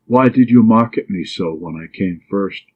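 A man playing a proud young Highland man in an audiobook, earnest and fierce. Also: normal speed, husky. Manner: fierce then gentle, earnest. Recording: dull lo-fi recording.

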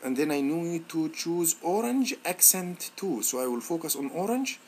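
Lively male instructor walking through software. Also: moderate pace, a little hiss or hum. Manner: thinks aloud, repeats words, frequent fillers; lively, rising pitch on praise words. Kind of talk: screen-recorded software tutorial.

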